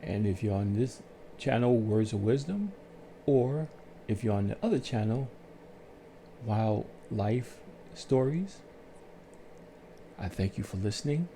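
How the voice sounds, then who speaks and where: Calm, gravelly-voiced man telling his story. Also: on the low side, slight background noise. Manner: calm, soothing, unhurried talk with pauses. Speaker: channel host telling his life story. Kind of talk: slow reflective storytelling.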